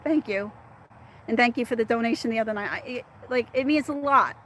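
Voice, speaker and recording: A woman's voice: a little high, brisk, fairly bright tone, slight background noise. A middle-aged woman hosting a casual livestream, chatting and laughing as she answers commenters by name. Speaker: livestream host reading viewer chat.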